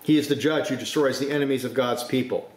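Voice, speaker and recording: A man preaching a sermon, forceful, with sudden rises to emphasis. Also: medium pitch, steady tone, fast talker, roomy sound.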